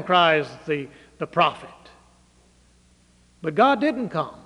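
A man preaching a sermon, dramatically swinging between loud declaiming and hushed low phrases. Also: very animated, slow pace, long pauses, lo-fi sound. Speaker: pastor. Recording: reverberant hall.

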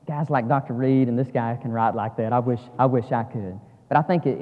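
A man preaching a sermon, shifting between quiet storytelling and loud, fervent exhortation. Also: mid-range voice, in a large hall. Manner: swings from hushed reading to loud fervent preaching. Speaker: pastor.

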